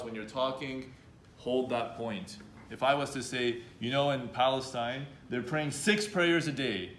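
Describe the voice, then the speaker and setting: A male speaking coach addresses students at a live workshop. He talks in a direct, animated way and acts out unsure speakers. The room is echoey, with faint ambience underneath. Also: medium pitch, a little hiss or hum.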